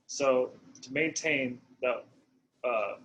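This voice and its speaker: A man's voice: mid-range voice, slow pace, fairly bright tone, poor audio. Guy mid voice rambling n laughing on a podcast, faint hum behind. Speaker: podcast co-host. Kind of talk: casual chat.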